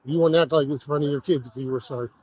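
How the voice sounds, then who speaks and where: A man's voice: on the high side, fairly even intonation, rapid-fire, darkish tone, no echo, rough recording. A male police officer giving firm, blunt orders at a roadside stop, recorded outdoors on a body camera. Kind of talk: commanding officer talk.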